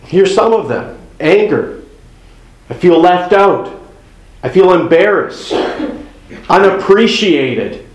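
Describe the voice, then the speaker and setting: A middle-aged man delivers a sermon in a chatty, down-to-earth way, often slipping into short acted-out conversations. His voice sits a little high for a man, and it rings out with a roomy echo. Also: lively intonation, slow, long pauses, a little hiss or hum. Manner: conversational, acts out little dialogues. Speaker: pastor.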